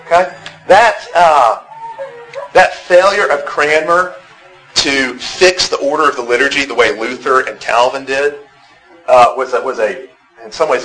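A man's voice: mid-range voice, a bit bright, rough recording. Man teaching a church class. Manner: conversational, asks the class questions, repeats words when restarting. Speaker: Bible teacher. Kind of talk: interactive church class lecture.

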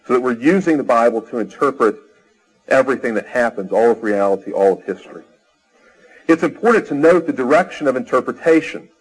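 A man's voice: mid-range voice, breathy edge, poor audio. A man giving a theology lecture, explaining ideas and reading long quoted passages aloud, often restarting his phrases.

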